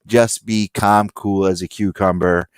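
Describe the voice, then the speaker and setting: A man co-hosting a podcast in casual chat. He tells stories with animated energy and acts out the people he quotes. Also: low-pitched, a little slow, smooth, no room sound. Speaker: podcast co-host and comic collector.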